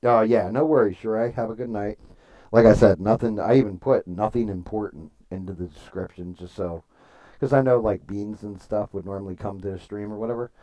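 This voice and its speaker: Speaking briskly in a fairly low, steady, mellow voice, a man casually streams and chats. He rambles through stories, curses without restraint, and reads chat aloud to respond to viewers.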